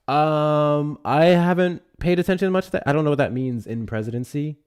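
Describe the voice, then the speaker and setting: A man's voice: mid-range voice, very animated, brisk, a little mellow. A man hosting a casual livestream, talking with a teasing, sarcastic and profane manner. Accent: Texan. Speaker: livestream host.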